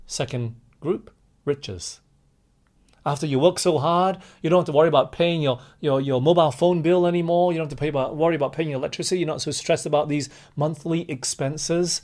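Guy preaching a sermon, voice on the higher side, gets passionate then drops low. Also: a little fast, a little mellow. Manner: impassioned, rising and falling emphasis, addresses listeners as friends.

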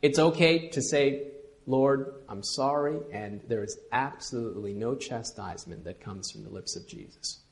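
A man preaching a sermon as pastor, swinging from quiet intimate asides to loud emphatic lines and leading the congregation to repeat after him. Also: on the low side, normal speed, creaky. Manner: leads congregation in call-and-response.

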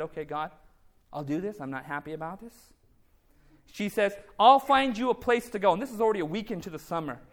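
A man's voice: sits high, fairly bright tone. A man preaching a testimony sermon, telling his story through reported dialogue and calling out to the congregation. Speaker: speaker giving a faith testimony.

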